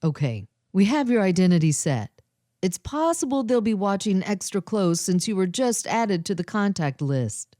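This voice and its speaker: A woman voicing calm spy handler Ben. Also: medium pitch, moderate pace, dry recording, clean studio sound, natural voice. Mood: businesslike.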